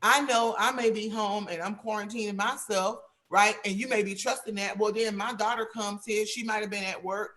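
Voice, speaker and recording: A woman's voice: mid-range voice, fairly even intonation, normal speed, hardly any pauses, fairly bright tone. A woman speaks on a video call as a panelist, giving advice in an emphatic, preachy, plain-spoken way. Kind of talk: earnest advice in an online panel.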